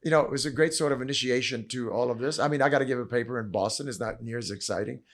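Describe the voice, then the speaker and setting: An older man, a podcast guest, telling stories in animated conversation, acting out quotes with sudden loud bursts and dropping low for asides. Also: racing. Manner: acts out quotes with big swings in pitch and loudness; drops low and quiet for asides. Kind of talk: animated storytelling chat.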